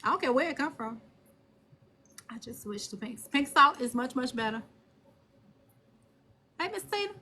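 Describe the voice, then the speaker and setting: Blunt, animated high-voiced woman. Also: moderate pace, long pauses. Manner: blunt, animated, cursing freely. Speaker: live stream host. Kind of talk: casual live stream chat. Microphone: phone.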